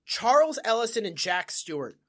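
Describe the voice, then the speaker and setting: A man co-hosting a casual comedy podcast, riffing excitably and swearing freely. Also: sits high, moderate pace. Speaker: podcast co-host.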